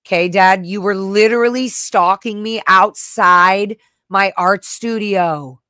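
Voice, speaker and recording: A woman's voice: medium pitch, slow, pushed and bright, clean tone, dry recording, clean studio sound. A woman hosting a personal livestream, talking candidly and emotionally, cursing bluntly and reacting to messages she reads aloud. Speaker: livestream host.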